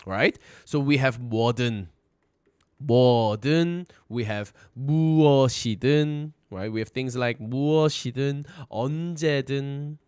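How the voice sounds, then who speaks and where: Quick-talking language teacher. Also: male voice, mid-range voice, darkish tone, smooth, no room sound, clean studio sound. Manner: frequent "right?" tag questions, repeats phrases for practice; switches between English and Korean, sings lyric lines. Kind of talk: live-streamed language lesson.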